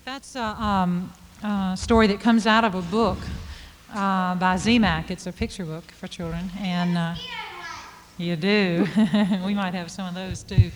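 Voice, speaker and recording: A woman's voice: fairly low pitch, steady tone, a little slow. A woman hosting, chatting casually and a little hesitantly between stories. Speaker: host. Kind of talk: casual announcing. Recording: long hall reverb, faint ambience.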